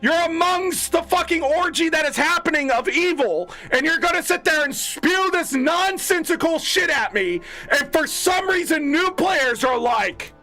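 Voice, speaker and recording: A man's voice: very high-pitched, a little slow, few pauses, bright, forceful tone, soft background music. A man giving a casual, profane, exasperated gaming rant as a content creator.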